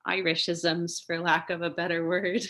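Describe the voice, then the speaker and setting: A chatty young woman with a fairly low voice, talking as a guest in a relaxed interview. She tells her stories with lots of fillers and laughs often along the way. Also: moderate pace, a little hiss or hum. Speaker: interview guest, singer and lawyer. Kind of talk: casual storytelling interview.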